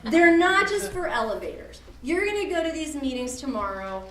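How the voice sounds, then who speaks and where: Woman running a workshop, kinda high voice, asks the crowd stuff, jokey, sounds roomy and far from the mic. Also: moderate pace, a little hiss or hum. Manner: lively, questions the audience, joking asides. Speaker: advocacy group director leading a workshop. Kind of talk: interactive workshop talk. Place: meeting room at a church event.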